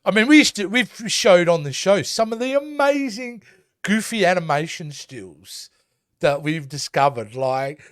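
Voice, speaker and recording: A man with a notably high, lively voice chats as a podcast co-host. He was recorded close on a dry mic with no room sound, and his delivery is reflective and questioning. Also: unhurried, no echo. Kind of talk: casual podcast chat.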